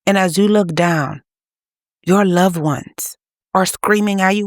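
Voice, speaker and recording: A woman preaches straight to her viewers, urging and exhorting them with steady force. Her voice sits at a middle pitch and is recorded close and dry, with no room around it. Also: slow pace, no room sound. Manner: urgent, exhorting. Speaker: channel host. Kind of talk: preaching to camera.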